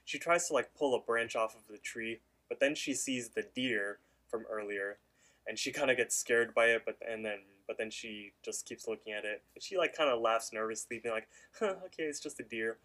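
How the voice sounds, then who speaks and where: A man's voice: mid-range voice, moderate pace, fairly bright tone. A man co-hosting a podcast, loosely retelling a cartoon episode with lots of fillers. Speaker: podcast co-host. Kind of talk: casual episode recap.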